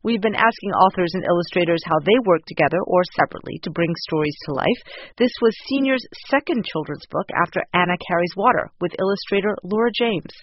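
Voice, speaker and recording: A woman radio presenter reading scripted links between interview clips in a clear, measured way. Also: on the low side, lively intonation, no room sound. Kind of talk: scripted broadcast narration. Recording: dull lo-fi broadcast audio.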